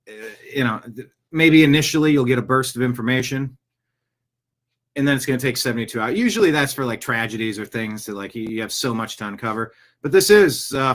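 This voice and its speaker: A man's voice: mid-range voice, a bit bright. Rambling male news podcaster. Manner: rambling, jokey, slips into silly voices. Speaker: podcast host. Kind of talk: casual news commentary.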